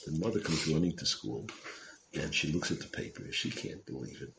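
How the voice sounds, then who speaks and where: Male Torah lecturer, storyteller, loose and digressive, very low voice, echoey noisy recording. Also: animated, a little fast. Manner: casual, digressive, many fillers and asides. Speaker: Torah class speaker. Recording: roomy with clear background noise.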